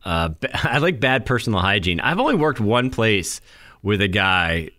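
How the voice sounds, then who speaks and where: A middle-aged man co-hosting a casual radio chat, animated, laughing often and acting out quotes. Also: on the low side, moderate pace. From northeastern US. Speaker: radio show co-host.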